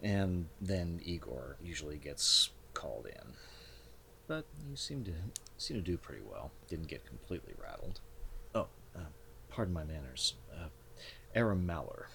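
A man voicing a spare, middle-aged gunsmith, polite and measured. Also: rumbling low, sing-song, vocal fry, fairly bright tone, a little hiss or hum, full character voice.

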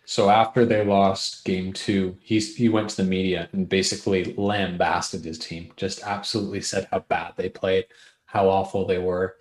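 A man co-hosting a casual sports podcast, relaxed and conversational, asking his co-host questions. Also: low voice, normal speed, roomy sound.

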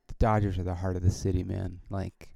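A man's voice: low-pitched, flat delivery, brisk, vocal fry, warm tone, no room sound. A man hosting his own podcast, talking in a casual, rambling way with many restarts and frequent swearing. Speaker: podcast host and comedian.

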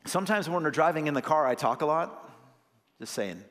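A man's voice: a little high, animated, fairly quick, a bit bright. Man preaching, chatty and earnest, punches up key lines, voice rings out in a big church hall. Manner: earnest, conversational preaching with rising emphatic bursts. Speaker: associate pastor. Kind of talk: sermon. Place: church sanctuary.

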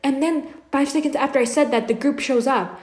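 A woman's voice: high-pitched, brisk. A young adult woman co-hosting a podcast, telling a long story in casual chat, filling it with lots of filler words. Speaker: podcast co-host. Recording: echoey room.

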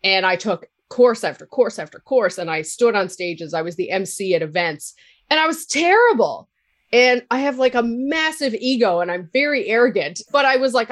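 A woman's voice: mid-range voice, animated, brisk. Outspoken woman with a Cape Breton accent. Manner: candid, laughs loudly, swears freely. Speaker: podcaster guest. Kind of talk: casual interview talk.

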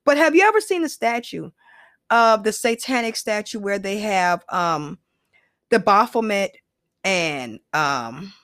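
A woman's voice: medium pitch, expressive, unhurried, a bit bright, no room sound, studio quality. A woman giving casual opinion commentary, rambling and profane, with lots of asides and fillers.

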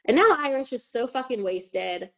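Animated young woman telling a story. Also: fairly high pitch, moderate pace, creaky. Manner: animated, swearing, heavy use of "like". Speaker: podcast host. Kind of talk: casual storytelling chat.

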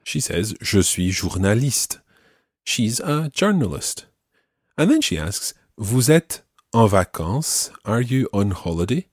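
A very deep-voiced man teaching a language podcast, recorded close to the mic in a dry studio. He repeats phrases slowly and patiently breaks them down. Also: big pitch swings, no echo. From Scotland. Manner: clear, slow model phrases with patient explanations. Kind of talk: explaining a language lesson.

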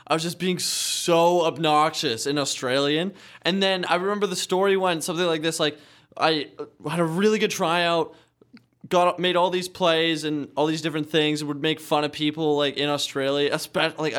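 Young man, lively storyteller. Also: a little high, clean tone. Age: young adult. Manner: animated storyteller who does impressions. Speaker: podcast co-host. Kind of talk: casual podcast chat.

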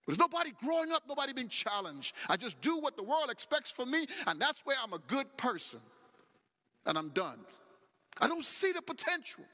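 Animated high-voiced male pastor preaching. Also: normal speed. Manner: animated preaching, repeating phrases, acting out dialogue. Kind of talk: sermon. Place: church sanctuary. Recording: long hall reverb.

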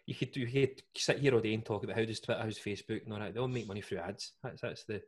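A young Scottish man with a slightly low voice, co-hosting a podcast. He talks in a loose, jokey, chatty way and laughs often. The delivery is casual and conversational. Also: fairly even intonation, very fast, slightly rough. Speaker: podcast co-host. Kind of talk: casual chat.

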